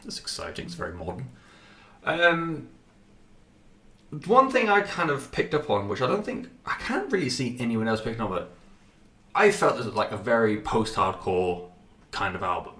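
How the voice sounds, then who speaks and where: A man's voice: mid-range voice, very animated, moderate pace, pauses often, pushed and bright, echoey room, far from the mic. A man hosting a podcast, giving a rambling, sweary music review with lots of fillers and restarts, and a runny nose. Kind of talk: casual music review monologue.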